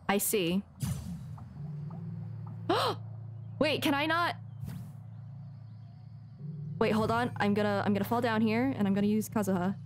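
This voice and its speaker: A woman's voice: medium pitch, a little slow, long pauses, a little hiss or hum. A woman streamer giving casual, chatty commentary as she plays, talking to herself and giggling often. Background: game music.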